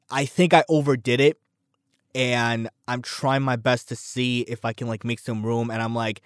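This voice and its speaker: A man's voice: mid-range voice, steady tone, normal speed, clean tone, no echo, studio quality. A young man hosting a casual solo podcast, rambling and self-deprecating, repeating words as he goes, sounding a bit out of breath. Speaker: podcast host.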